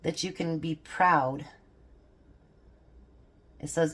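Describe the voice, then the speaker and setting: Older woman, grandmother type, low voice, rambling casual devotional chat with frequent laughs. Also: a little slow. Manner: rambling, chatty, laughs often. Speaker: homestead vlogger.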